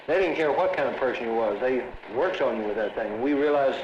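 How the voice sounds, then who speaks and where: A man's voice: medium pitch, expressive, a little fast, highs cut off. A man speaking earnestly and informally, rambling as he makes his point. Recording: echoey, noisy old film audio.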